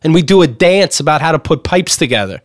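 A man's voice: fairly high pitch, animated, quick pace, no room sound, studio quality. A man hosting a podcast, telling a profane, ranting story in casual comedic chat. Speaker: podcast host.

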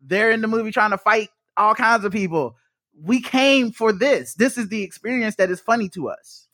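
A young adult man hosting a podcast, chatting casually and animatedly with lots of swearing and quick mock impressions. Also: sits high, no room sound, studio quality. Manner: profane, animated, jokey impressions in quotes. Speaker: podcast host. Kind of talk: casual chat.

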